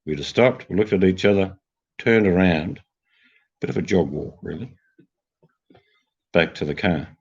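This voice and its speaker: An older Australian man hosts a livestream, chatting casually and telling jokey stories to his audience. His voice is low with a breathy edge, at normal speed with frequent pauses. The sound is dull and lo-fi.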